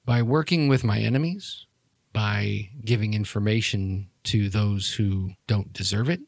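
A man voicing a cold, menacing male crime boss in a tabletop game, speaking in slow, quiet, measured threats. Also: lowish voice, gravelly, dry recording, studio quality.

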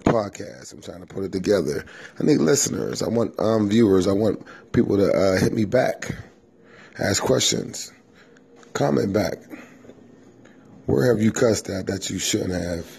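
A man's voice: fairly low pitch, unhurried, creaky, pauses often, a little mellow, husky. A man, a comedian hosting his own podcast, talking in a loose, rambling monologue from his home kitchen and swearing constantly. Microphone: simple home setup, self-recorded.

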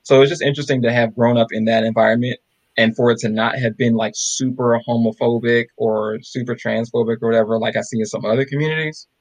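The recording quality is low, and this man talks fast in a mid-range voice. He's a podcast co-host telling stories in a casual chat, animatedly doing the voices of those he quotes.

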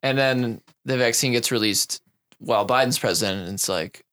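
A man's voice: mid-range voice, normal speed, a bit bright. Man, podcast host, sarcastic, profane, casual political talk. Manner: sarcastic, profane, mocking voices.

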